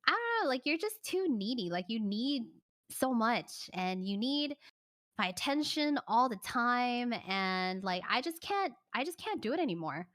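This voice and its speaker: A woman's voice: fairly high pitch, very animated, unhurried, a bit bright. A woman putting on the voice of a dismissive young male ex-boyfriend, offhand and evasive. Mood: blunt.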